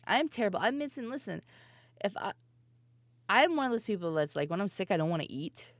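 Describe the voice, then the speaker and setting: A woman's voice: medium pitch, sing-song, fairly quick, no room sound. A young adult woman streamer chatting casually and rambling through stories, giggling often and mimicking voices as she tells them.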